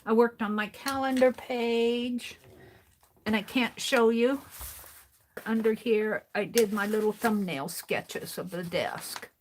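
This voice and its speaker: Casting: higher-voiced woman, unhurried, chatty craft-stream host who thinks aloud and repeats herself. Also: a little hiss or hum. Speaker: art journaling livestream host. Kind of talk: casual chat while crafting. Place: home craft desk.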